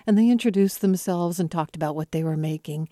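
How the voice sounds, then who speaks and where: A woman's voice: lowish voice, fairly quick, mellow, dry recording, clean studio sound. A woman hosting an interview, asking questions and responding with appreciative enthusiasm. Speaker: interviewer, host.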